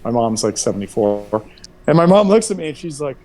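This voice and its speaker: A young man spins a profane, animated story for his friends in a lively voice that swings widely in pitch. He breaks into high, exaggerated voices when he quotes other people. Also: brisk. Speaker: player chatting before a tabletop game session. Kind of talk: casual storytelling chat.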